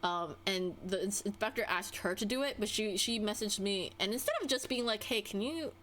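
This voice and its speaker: A woman's voice: fairly quick, fairly bright tone, slight background noise. A young adult woman streamer ranting casually, exasperated, her voice swinging up and down as she vents. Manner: exasperated, venting, with wide pitch swings.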